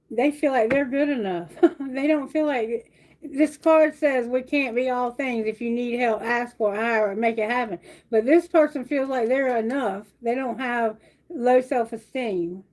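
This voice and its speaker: A high-voiced woman reads tarot cards on a live stream. She talks straight to her viewers, blunt and animated, and swears freely as she goes. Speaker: tarot reader.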